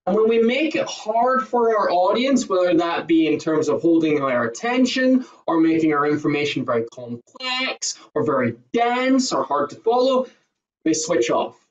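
A man's voice: sits high, big pitch swings, moderate pace. A man, a presentation skills trainer, explaining with an emphatic coaching manner as a guest on a call. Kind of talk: podcast interview answers. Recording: roomy, distant, dull remote audio.

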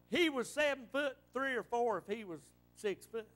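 A man's voice: very high-pitched, expressive, normal speed, few pauses, a bit bright. A man from western North Carolina with a Southern Appalachian accent, preaching a folksy storytelling sermon in church.

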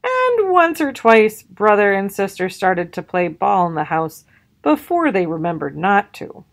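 A woman reading a children's picture book aloud, expressive and lively in her pitch. She takes her time, and her voice has a gravelly edge. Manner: expressive, storytelling. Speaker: storybook reader. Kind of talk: children's read-aloud narration.

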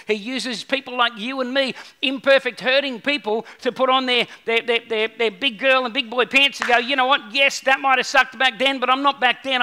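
A man delivers a sermon from the pulpit, building his points through repetition and voicing the people he quotes. His voice sits high and sounds sharply bright. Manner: animated preaching with repeated phrases and acted-out quotes. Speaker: pastor.

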